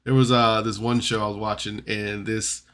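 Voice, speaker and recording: A man's voice: fairly low pitch, level tone, moderate pace, a bit bright, clear, resonant tone. A man casually recapping a tabletop game episode for a podcast, rambling and chatty, full of fillers and restarts. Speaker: podcast reviewer.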